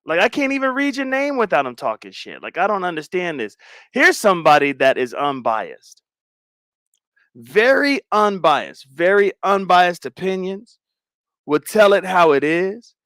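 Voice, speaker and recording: A man hosting a casual livestream chat, slangy and animated, repeating phrases and dropping into mumbled asides. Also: sits high, measured pace, no echo, studio quality. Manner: animated, swings between loud and mumbled asides. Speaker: livestream host.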